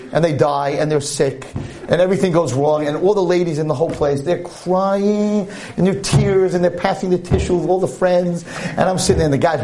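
A man's voice: sits high, darkish tone. A man giving a storytelling holiday sermon, humorous and preachy by turns. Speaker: speaker at a holiday talk.

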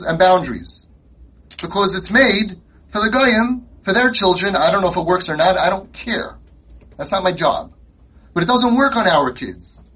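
A man's voice: sits high, fairly bright tone, breathy edge, rough recording. A man giving an impassioned, rhetorical speech at a conference, repeating his lines for emphasis. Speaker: conference speaker. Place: conference hall.

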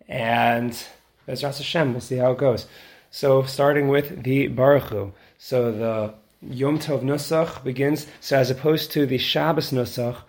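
A man teaching how to lead prayer, explaining quickly in plain talk and then chanting the tunes slowly to show them. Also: mid-range voice, a little mellow. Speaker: prayer leader instructor. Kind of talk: teaching lesson with chanted demonstrations.

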